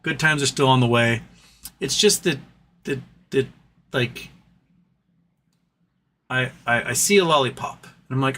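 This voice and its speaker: A man's voice: medium pitch, brisk, bright, forceful tone, slight background noise. A man hosting a livestream from his home office, venting in frustration with swearing and frequent stumbling restarts. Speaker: livestream host.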